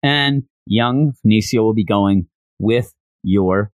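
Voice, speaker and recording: A man's voice: fairly low pitch, takes it slowly, a little mellow, no echo. Brief: man, casual rambling recap, very dry close sound. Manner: enthusiastic, rambling. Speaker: show reviewer.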